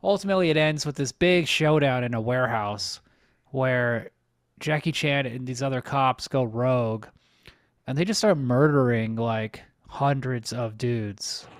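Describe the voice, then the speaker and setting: A man co-hosting a podcast, walking through a movie's plot in loose, run-on stretches. His voice sits at a middling pitch. He is recorded close in a very dry space. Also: unhurried, dry recording. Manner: recaps the plot in long rambling runs. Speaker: podcast co-host. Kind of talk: casual movie recap chat.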